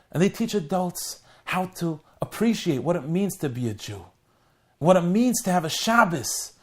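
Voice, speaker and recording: A rabbi tells a story in a fairly high male voice. He moves from ringing emphasis down to near-whispered moments for drama. It is a heartfelt spoken appeal. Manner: dramatic, swings between loud and hushed.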